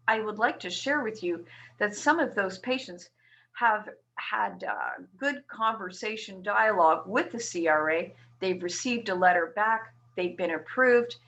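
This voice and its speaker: A woman's voice: medium pitch, a bit bright. A woman nurse from Canada presenting a webinar, explaining a tax form step by step to patients. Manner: explanatory, walks through form slide by slide.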